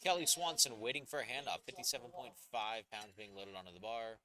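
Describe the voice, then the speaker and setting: A man's voice: mid-range voice, fairly quick, pushed and bright. A man announcing a powerlifting meet live, calling lifts and judges' decisions with upbeat, joking asides.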